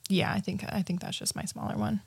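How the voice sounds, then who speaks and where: Woman, podcast co-host, casual chat, laughs a lot, gravelly fry. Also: mid-range voice, a little fast, no room sound. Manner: giggly and animated, laughs often. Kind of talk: casual movie review chat.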